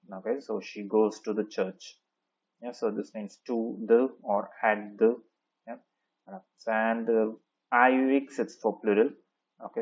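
Low-voiced man teaching, dull recording. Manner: patient, step-by-step, checks in with "okay" and "right?". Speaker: French teacher. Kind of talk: classroom lesson explaining grammar.

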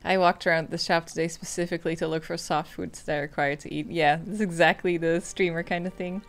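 A woman's voice: lowish voice, steady tone, quick pace. Chatty woman gamer eating on stream. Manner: chatty, giggly, eating while talking. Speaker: streamer playing a game. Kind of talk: casual gameplay commentary.

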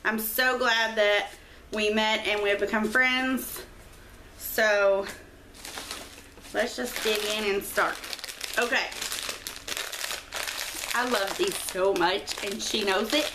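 A middle-aged woman chats casually while opening a friend's mail package at home, a quiet place, though some background noise comes through. Her medium-pitched voice moves slowly with frequent pauses. She gushes and squeals with excitement through this laid-back unboxing chat.

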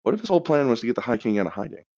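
A man's voice: mid-range voice, very animated, rapid-fire, mellow, lo-fi sound. A man running a tabletop campaign, chatting casually on a podcast and teasing the players about plot secrets. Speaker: dungeon master.

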